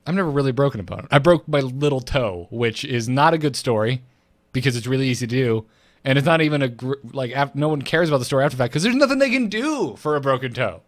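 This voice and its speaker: A man's voice: mid-range voice, lively intonation, fast, no echo. A young man co-hosting a casual gaming podcast, playful and joking, with storytelling asides. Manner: playful, jumps into silly voices and jokes. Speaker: podcast co-host.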